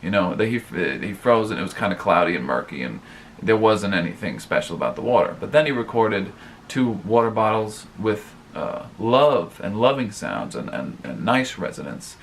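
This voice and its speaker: This man's voice sits low, with big pitch swings and vocal fry, at normal speed against slight background noise. He's the host of his own advice vlog, rambling casually, filling gaps with fillers and repeatedly speaking directly to his viewers.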